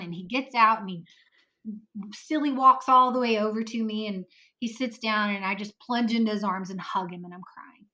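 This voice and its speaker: A woman's voice: medium pitch, pushed and bright. A woman on a podcast telling an emotional personal story in earnest, acting out the voices of people in it. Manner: earnest, acts out quoted voices in her story. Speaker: podcast guest.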